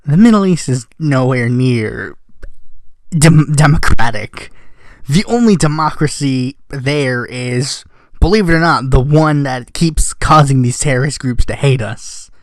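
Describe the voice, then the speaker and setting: A man's voice: medium pitch, lively intonation, unhurried, no room sound. A man vlogging in casual commentary, sarcastic and rambling, often correcting himself mid-sentence.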